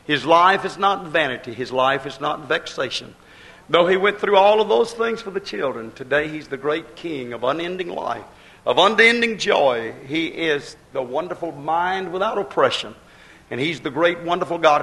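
A man delivers an impassioned sermon, circling back to the same refrains again and again. His voice sits a little high and leaps into loud, anguished cries before dropping low again. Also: creaky, rough recording. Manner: fervent, repetitive preaching with sudden loud outcries. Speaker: preacher.

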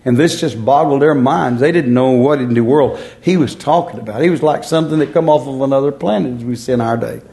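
A man's voice: mid-range voice, a little fast, vocal fry, few pauses, dark tone. A man preaching a sermon in a folksy, repetitive way, drawing out words for emphasis.

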